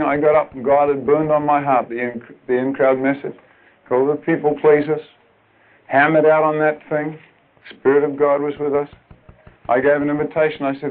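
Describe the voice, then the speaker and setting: A man preaching a sermon to other preachers, emphatic and urgent, dropping at times to quiet, earnest asides. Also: on the high side. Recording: tinny lo-fi old tape recording.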